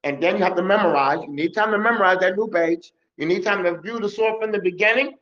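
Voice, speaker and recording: A man's voice: sits high, fast talker, few pauses, a bit bright. A man giving a mosque lesson on memorizing scripture, coaching and repeating himself, slipping in Arabic words. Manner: repetitive, coaching, drops in Arabic words and recitation. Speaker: Quran teacher. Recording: muffled lo-fi recording.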